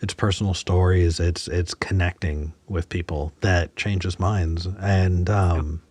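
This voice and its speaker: A man's voice: sits low, steady tone, slow pace, darkish tone, breathy edge, dry recording. A man hosting a podcast, talking reflectively and searching for words with frequent restarts. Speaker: podcast host. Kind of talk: casual conversation.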